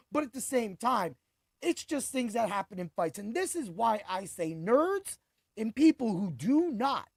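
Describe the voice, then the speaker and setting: A man in his forties with an unusually high, gravelly voice, talking through fight results in a hyped, boastful manner. His speech comes in quick, emphatic bursts, recorded dry and close with no room sound. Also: no echo. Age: 40s. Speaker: podcast host and fight picks analyst. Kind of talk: casual sports commentary.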